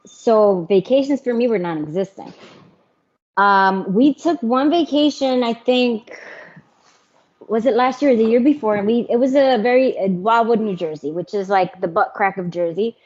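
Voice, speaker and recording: A middle-aged woman telling her personal story as an interview guest, candid and animated. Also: fairly high pitch, normal speed. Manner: candid, animated, mimics others. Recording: muffled lo-fi audio.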